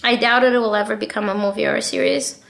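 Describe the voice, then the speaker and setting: A young woman in a casual interview, talking quickly and bluntly about her own story, swearing freely and filling her talk with "like" and "right?". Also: on the high side, steady tone, gravelly, fairly bright tone. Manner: fast, blunt and passionate, swears a lot; many fillers like "like" and "right?".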